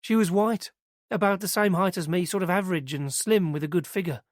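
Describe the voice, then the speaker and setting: A man performs as a young British woman who works at a nursery, eager and nervous, recounting what she saw in a chatty, hesitant, rambling manner. The voice is fairly low for a woman but raised above his natural pitch, fairly quick, and close to an everyday voice. She sounds earnest and unsure, and the recording is dry and clean, with studio sound.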